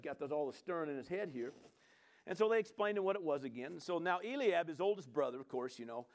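High-voiced man preaching with lively asides. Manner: animated, conversational asides. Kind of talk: sermon.

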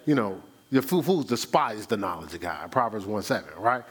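A man's voice: on the low side, slightly rough. A man preaching a sermon, firing rhetorical questions at the congregation and reading scripture aloud. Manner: animated preaching with rhetorical questions and call-and-response; reads scripture aloud in a slow cadence. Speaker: pastor.

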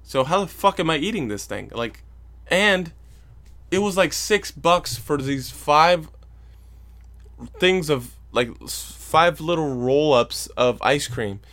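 Guy ranting on his podcast, swears a ton, yells out the mocking bits. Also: on the high side, expressive, slow. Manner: profane, ranting, mocks others in loud voices. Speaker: podcast host. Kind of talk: casual solo podcast rant.

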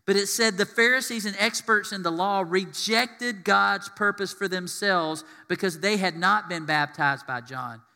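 A male pastor preaching a sermon in an animated way, acting out quotes in different voices. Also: sits high, measured pace, few pauses, long reverb tail.

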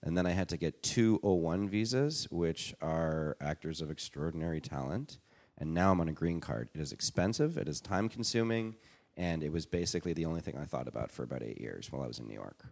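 A man in his thirties from Canada, a podcast guest telling animated stories in casual chat and acting out what people said. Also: a bass voice, brisk, creaky. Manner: animated storyteller, acts out quotes. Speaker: podcast guest, improviser and pianist.

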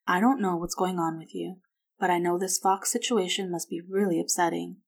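A woman voicing a caring grandmother who speaks softly and reassuringly. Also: lowish voice, steady tone, moderate pace, gravelly. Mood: gentle. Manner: soft-spoken, reassuring.

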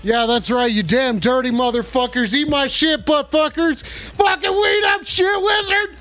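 Man putting on a boastful wrestler, very high pitch, gruff, shouty trash talk, faint music behind. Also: a little slow, heavily acted. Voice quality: gruff and shouty, heavy profanity. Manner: trash-talking, repeats insults and taunts. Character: brash foul-mouthed male wrestler, boastful and aggressive. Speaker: streamer. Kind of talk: livestream persona rant.

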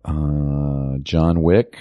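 A man co-hosting a casual movie podcast, relaxed and a little hesitant. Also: a bass voice, very slow, no room sound, muffled recording. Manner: lively, relaxed, hesitant with fillers. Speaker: podcast co-host.

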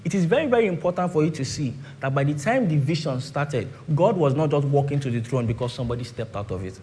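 A man with a Nigerian English accent preaching a sermon, swinging from loud declarations to hushed asides and asking the congregation rhetorical questions. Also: on the high side, animated, fast, slight background noise.

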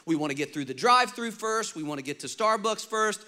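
A man about to turn fifty, preaching a lively, humorous sermon and calling on the congregation to respond. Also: high-pitched, brisk. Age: 40s. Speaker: pastor.

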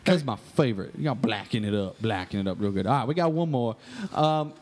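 A man's voice: medium pitch, expressive, fast talker, a little mellow, voice pushed down, close to an everyday voice. A man voicing a grizzled Southern fisherman and scheming entrepreneur with a drawling, self-important manner, in a comedy podcast sketch. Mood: boastful.

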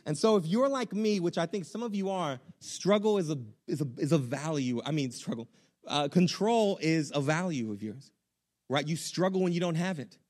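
Young man, pastor, fairly high voice, lively casual sermon, slangy. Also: moderate pace. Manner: animated, conversational preaching with casual slang.

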